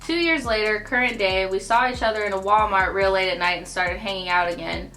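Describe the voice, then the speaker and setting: Bright-voiced sassy young woman. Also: mid-range voice, a little fast, faint music behind. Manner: sassy, blunt, profane asides. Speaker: storytime channel host. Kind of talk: reading viewer stories with commentary.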